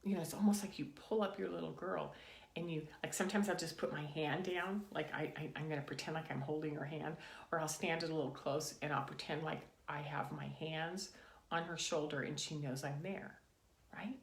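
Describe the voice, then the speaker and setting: A woman's voice: sits low, fairly even intonation, normal speed, creaky. Earnest woman in her 60s, echoey room. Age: late 50s to 60s. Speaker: spiritual coach and video host. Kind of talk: casual reflective talk to camera.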